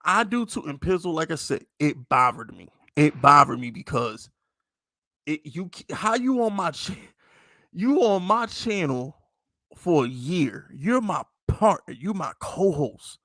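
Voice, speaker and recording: A man's voice: fairly high pitch, sing-song, unhurried, sharp tone, no echo, studio quality. A man with a New York accent, hosting a casual sports podcast and venting in a heated, profane, emphatic way. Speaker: podcast host.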